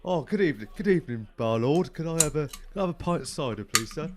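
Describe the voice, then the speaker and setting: A man's voice: on the high side, animated, fast talker, crowd noise, pitched above the performer's own voice, close to an everyday voice. A man voicing a jolly Cockney customer ordering cider at a bar, in a comic bar role-play.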